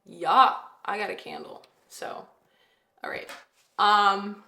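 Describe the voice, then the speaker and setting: A woman with a bright, sharp, mid-range voice gives a casual tarot reading to camera, taking it slowly with fairly even intonation. She chats and rambles, hedging, correcting herself and using fillers, and the room at home has a noticeable echo.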